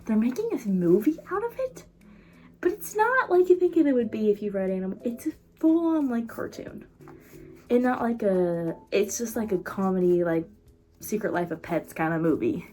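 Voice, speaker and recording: A woman book vlogger in casual chat, rambling and excitable with frequent laughs. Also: medium pitch, moderate pace.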